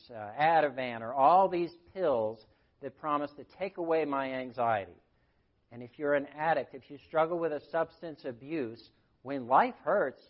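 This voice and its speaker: A man's voice: medium pitch, lo-fi sound. A man, a grief counselor, giving an earnest sermon and telling stories with quoted voices. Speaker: grief counselor speaking at church.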